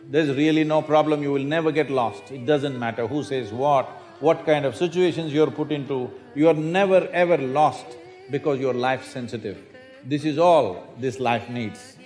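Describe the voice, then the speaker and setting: A man's voice: medium pitch, a little mellow. A man gives a spiritual talk in a lecture hall, emphatic and fond of rhetorical questions and dry humor. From India. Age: 60s. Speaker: spiritual teacher. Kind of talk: public talk to an audience. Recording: reverberant hall.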